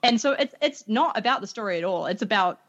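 A woman's voice: mid-range voice, animated, fast, fairly bright tone, dull audio. Enthusiastic woman chatting about films. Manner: enthusiastic, frequent "like" fillers. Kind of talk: casual film discussion.

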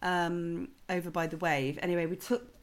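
A woman's voice: on the low side, fairly even intonation, normal speed. A sleep-deprived woman co-hosting a podcast, chatting in a rambling, giggly way. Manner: rambling, giggly, loses her thread. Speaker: podcast co-host. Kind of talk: casual chat.

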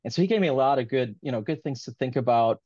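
A man's voice: mid-range voice, animated, fast talker, darkish tone, no echo, highs cut off. Man, author in an interview, earnest, rambling, heartfelt, dry close sound. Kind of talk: casual interview talk.

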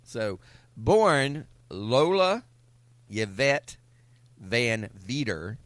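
A man co-hosting a comedy podcast, reading a film star's biography from notes and often pausing on fillers. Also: mid-range voice, animated, fairly bright tone, no room sound. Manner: reads notes with frequent filler pauses. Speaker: podcast co-host.

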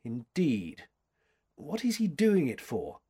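A man reading aloud and voicing a sharp, commanding elderly woman art critic with a curt manner in a storybook reading. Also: fairly high pitch, huge pitch swings, slow pace, husky, full character voice. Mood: brisk commanding. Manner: curt, commanding, searching questions.

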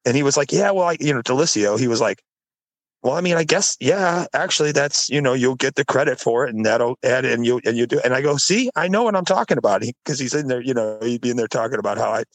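Man, podcast co-host, rapid storytelling, dry close-miked sound. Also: medium pitch, no echo, low-quality recording. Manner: storytelling, laughing asides. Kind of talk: casual chat.

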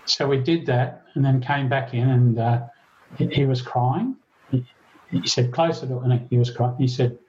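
A man, a former police officer, earnestly recounting a story in an interview, halting and restarting as he goes. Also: mid-range voice, steady tone, a little mellow. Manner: earnest, halting, with many restarts and quoted dialogue. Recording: dull lo-fi recording.

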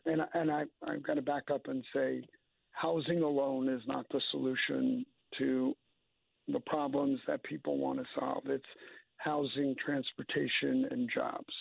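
Gravelly-voiced man with Brooklyn accent. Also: medium pitch, flat delivery, no echo, narrow, tinny audio. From Brooklyn, New York. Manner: halting, restarts, measured. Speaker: state senator guest. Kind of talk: casual interview chat.

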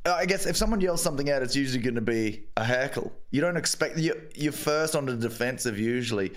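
A man's voice: mid-range voice, animated, quick pace. A man co-hosting a comedy podcast in casual, bantering chat, breaking into giggles often. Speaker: podcast co-host.

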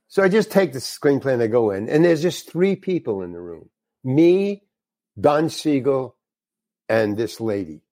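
Older man, guest raconteur, blunt and animated, dry close sound. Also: fairly high pitch, normal speed, no echo. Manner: animated, acts out dialogue, frank, swears. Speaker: guest actor. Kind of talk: anecdotal storytelling.

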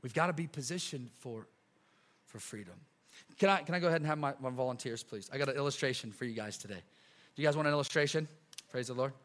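A male pastor preaching a casual, energetic sermon to a church congregation, full of slang, repeats and asides. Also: medium pitch, fast. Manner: lively, chatty preaching with slang and repetitions. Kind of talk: sermon with a live illustration.

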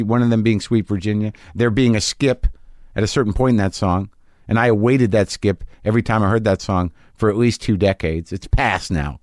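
A man talks in an ordinary, mid-range voice, rambling and profane as he tells an excited story. The sound is close and dry, with no room around it. He is the host, recording in his home garage studio. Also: mid-range voice, no echo. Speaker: podcast host. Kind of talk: casual storytelling monologue.

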